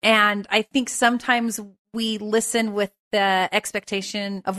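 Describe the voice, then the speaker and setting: A woman's voice: mid-range voice, steady tone, a little slow, few pauses, a bit bright. A woman hosting a conversation, thoughtful and asking open questions. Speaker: host. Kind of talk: casual conversation.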